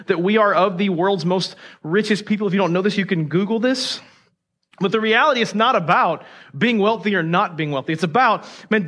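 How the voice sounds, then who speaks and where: High-voiced man preaching a sermon. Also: fairly bright tone. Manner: storytelling, emphatic, conversational asides. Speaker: pastor.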